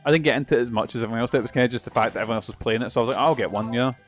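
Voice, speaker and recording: A man's voice: medium pitch, rapid-fire, faint music behind. A young man streaming a video game, rambling and swearing often in casual, self-mocking chatter. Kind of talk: casual let's-play commentary.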